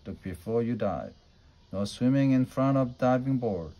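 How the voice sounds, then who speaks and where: A man narrating a children's storybook aloud in a clear, steady reading manner. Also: medium pitch, moderate pace.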